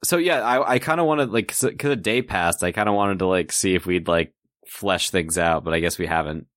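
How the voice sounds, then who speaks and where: A man's voice: low-pitched, brisk, fairly bright tone, no room sound, studio quality. A man playing a tabletop role-playing game, talking hesitantly and saying 'like' a lot. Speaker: player.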